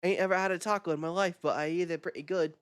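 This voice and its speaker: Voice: mid-range voice, fairly even intonation, fast, clear, resonant tone, no echo, close to an everyday voice. A streamer putting on a mock British accent to play a blunt, cheeky British man with a slangy drawl, over background music. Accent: put-on British.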